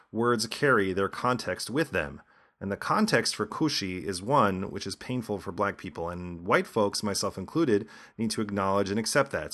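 A man's voice: lowish voice, bright, forceful tone. A man hosting a podcast with scripted commentary and a sardonic, lecturing manner. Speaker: podcast host.

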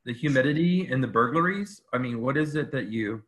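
A man co-hosting a casual chat, joking in a sarcastic way with quick quips. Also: medium pitch, animated, a bit bright. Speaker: co-host.

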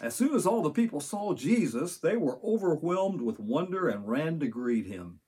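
An older man delivers a Sunday sermon in a husky, slightly breathy voice. He speaks earnestly, reading scripture aloud and pausing to explain it to his congregation. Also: on the high side, sing-song, dark tone. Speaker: pastor.

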